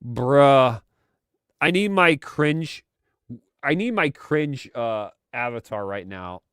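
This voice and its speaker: Male stream host, slow and sarcastic, smooth clear voice, dry close sound. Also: medium pitch, expressive, fairly bright tone, dry recording. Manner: sarcastic, exasperated. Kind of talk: live commentary stream.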